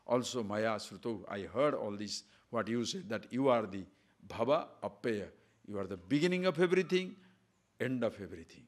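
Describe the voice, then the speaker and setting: A spiritual teacher, a man with a lowish voice, gives an emphatic discourse on scripture. He frequently poses rhetorical questions.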